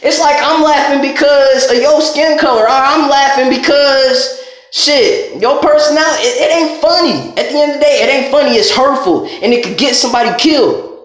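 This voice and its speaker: A vlogger with a very high-pitched, slightly bright male voice delivers a blunt rant straight to camera, full of profanity, speaking at a moderate pace. He comes across as confrontational and fed up, holding nothing back. The room echoes very strongly around him.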